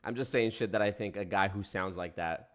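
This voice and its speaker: A man's voice: low voice, brisk, a bit bright. A man hosting a live stream, chatting casually, laughing and reading viewers' comments aloud. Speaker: streamer host.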